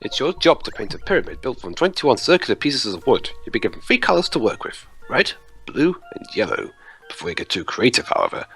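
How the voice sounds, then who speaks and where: A man's voice: mid-range voice, a bit bright, breathy edge. A man co-hosting a let's play, chatting and reading the game text aloud with frequent giggles. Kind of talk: let's play commentary chat.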